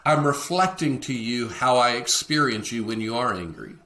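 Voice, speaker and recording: Bright-voiced man hosting a leadership podcast. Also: mid-range voice, expressive, moderate pace. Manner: acts out quoted dialogue in shifting voices. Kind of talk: solo podcast teaching talk.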